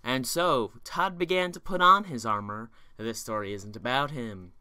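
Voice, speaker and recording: A young man hosting a fan video, giving a mock-dramatic reading of a bad fanfic in a deadpan voice and laughing at the absurd parts. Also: mid-range voice, normal speed, clear, resonant tone, no echo, clean studio sound.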